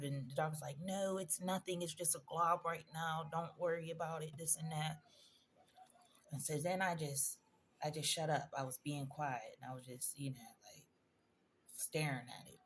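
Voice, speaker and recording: A vlogger with a deep voice shares a painful personal story, speaking conversationally and emotionally directly to her viewers. Her intonation is fairly even at normal speed, with slight background noise.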